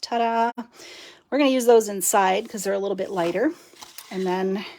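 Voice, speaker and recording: A woman's voice: medium pitch, a little fast, gravelly, darkish tone. Middle-aged woman, live craft demo host, easygoing and chatty, laughs between steps. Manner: chatty, laughs often, talks while working. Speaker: card-making demonstrator.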